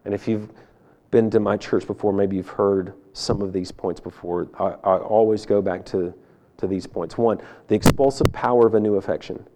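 A male pastor preaching a sermon with emphatic, swinging delivery, from loud urging to hushed asides. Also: on the low side, steady tone, normal speed, a little hiss or hum.

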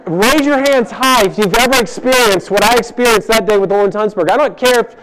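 A man's voice: high-pitched, fairly quick. Man telling a joking sermon story. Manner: humorous storytelling, swings between loud and hushed. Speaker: pastor. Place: church hall.

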